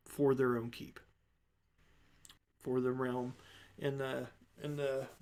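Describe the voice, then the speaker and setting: A man narrating a tabletop game as game master, relaxed and improvising with fillers. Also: medium pitch.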